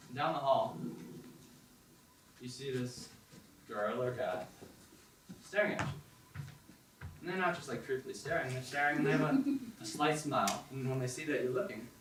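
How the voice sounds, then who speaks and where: A man's voice: medium pitch, a little hiss or hum. Young man telling a story in an echoey hall. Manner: animated second-person narration with acted-out inner voices. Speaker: open mic performer. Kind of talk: spoken storytelling on stage. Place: performance hall with audience. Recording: echoey hall, distant mic, faint ambience.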